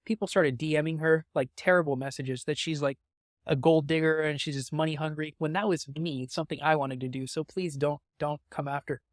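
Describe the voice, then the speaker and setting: A man's voice: fairly high pitch, steady tone, no echo, clean studio sound. Young man sharing a heartfelt story. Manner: halting, heavy with fillers and restarts; emotional, openly moved. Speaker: podcast guest. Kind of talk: candid personal storytelling.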